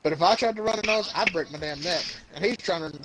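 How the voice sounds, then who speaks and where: Speaking quickly in a high voice, a young male podcast host spins rambling, crude stories amid casual chatter. He does silly voice impressions, laughs a great deal, and the audio has a noisy backdrop.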